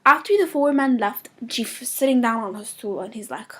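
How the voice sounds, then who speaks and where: A woman's voice: on the high side, lively intonation, a little fast, sharp tone, slightly rough. A woman student retelling a folktale in plain narration. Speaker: student storyteller.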